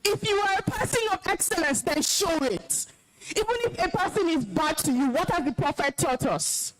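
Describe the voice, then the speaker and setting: Speaking live in a school hall, an alumna and compere with a Nigerian accent gives the students a stern, emphatic talking-to, full of scolding and commands. Her very high voice is expressive and moderately paced, with slight background noise and poor audio.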